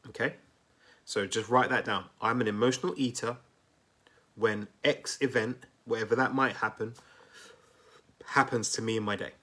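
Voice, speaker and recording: A man runs a live weight-loss coaching stream, addressing viewers directly in a chatty, energetic manner and often checking in with "right?" and "okay?". His pitch is fairly low, his pace moderate, and he takes long pauses.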